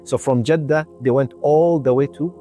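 A man's voice: mid-range voice, normal speed, dark tone, soft background music. A man narrating a devotional story in an earnest way, often repeating phrases for emphasis. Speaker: religious storyteller on radio.

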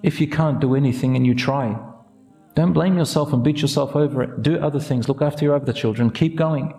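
A man preaches an earnest radio sermon in a somewhat high voice, urging his listeners on and weaving Arabic phrases into his English. The room sounds echoey, with soft music underneath. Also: brisk, vocal fry. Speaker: imam giving a talk.

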